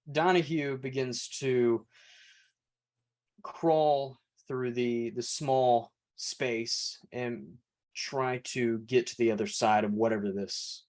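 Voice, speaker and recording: Slow, hesitant man playing a tabletop game. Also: mid-range voice, a little mellow. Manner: hesitant, thinks aloud with fillers. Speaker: player. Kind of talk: casual tabletop game play.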